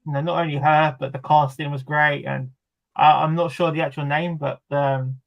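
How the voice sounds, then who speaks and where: Guy hosting a chat stream, bit higher voice, laughs a lot. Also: flat delivery, moderate pace, gravelly, lo-fi sound. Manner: chatty, laughs often. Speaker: host. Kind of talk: casual chat.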